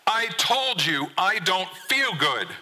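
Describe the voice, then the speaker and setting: An upset teenage boy, as a man storyteller puts him on in a live reading. His voice climbs high and tight as he pleads. It sounds forceful and strained. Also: fairly quick, slightly rough, heavily acted. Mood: upset pleading. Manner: pleading, rising toward tears. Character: upset thirteen-year-old boy refusing to go fishing.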